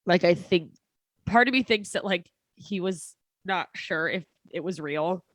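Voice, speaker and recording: Low-voiced woman telling a story. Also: no echo. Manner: halting, many fillers and restarts, laughs between lines. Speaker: comedian guest. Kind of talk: casual personal storytelling.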